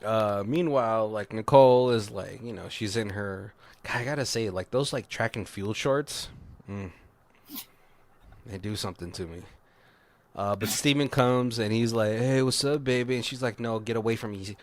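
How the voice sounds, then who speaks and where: A man co-hosting a casual movie commentary chat, rambling, swearing freely and acting out characters' lines in quick voices. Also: fairly low pitch, dry recording. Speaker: podcast co-host.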